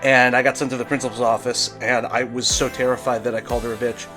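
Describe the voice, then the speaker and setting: A man's voice: medium pitch, flat delivery, fast, pushed and bright, faint music behind. A young adult man from Brooklyn, telling a rambling, profane comedy story in a casual monologue. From Brooklyn, New York.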